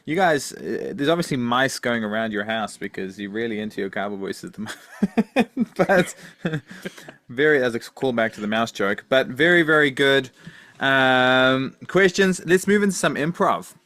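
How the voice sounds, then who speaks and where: A man's voice: medium pitch, lively intonation, normal speed, fairly bright tone, no room sound. A man hosting a podcast, upbeat and leading the segments with a few fillers. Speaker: podcast host.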